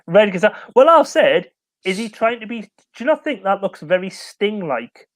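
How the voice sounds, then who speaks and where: A man's voice: high voice, very animated, normal speed. A man co-hosting a music live stream, chatting casually, rambling and laughing, and tired. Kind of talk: casual chat.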